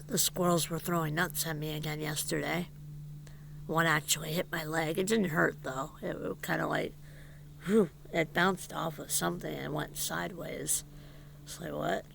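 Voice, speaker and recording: A man vlogging outdoors in a casual, rambling way, halting and hesitant, rueful and confiding, sometimes dropping to a hushed near-whisper. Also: a little high, fairly even intonation, vocal fry, a little hiss or hum. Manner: halting and hesitant, with repeated fillers and restarts. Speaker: vlogger and musician.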